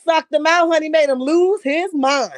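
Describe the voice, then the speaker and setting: This livestream host keeps things casual, voicing viewer comments and throwing sassy reactions back at them. She's high-pitched and speaks at a moderate pace, recorded dry.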